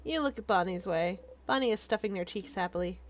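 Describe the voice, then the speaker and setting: A woman streamer reading game text aloud in a lively, playful way. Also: mid-range voice, fairly quick, slight background noise. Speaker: gaming streamer.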